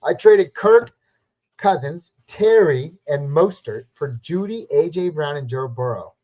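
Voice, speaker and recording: A man from the West Coast hosting a live Q&A stream, chatty and upbeat, giving quick verdicts on viewer questions. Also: on the high side, animated. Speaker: fantasy football live stream host. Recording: slightly muffled lo-fi stream audio.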